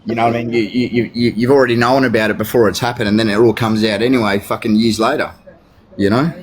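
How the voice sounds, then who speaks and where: A man's voice: mid-range voice, fairly even intonation, fast. An Australian man chatting casually as host, full of slang, calling people "mate" and asking "you know what I mean". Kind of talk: casual chat.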